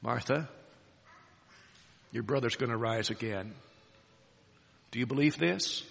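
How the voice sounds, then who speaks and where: A calm, solemn Jesus speaks slowly and quietly, each phrase measured as a man acts him out. The voice is bright and clear. A long reverb trails behind it, as in a large hall. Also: medium pitch, voice pushed down, heavily acted. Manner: slow, hushed, measured delivery.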